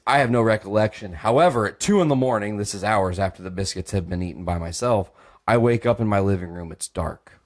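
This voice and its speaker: A man in his twenties telling a swear-filled story on a podcast, acting out voices as he goes. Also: sits low. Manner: animated, swearing, acts out voices. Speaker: podcast co-host.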